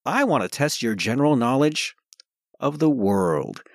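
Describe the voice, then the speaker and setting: Quizmaster man, lively and playful, wide pitch swings, dry close recording. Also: measured pace, dry recording. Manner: playful, animated, goofy. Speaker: podcast co-host, trivia quizmaster. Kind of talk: casual chat, running a trivia game.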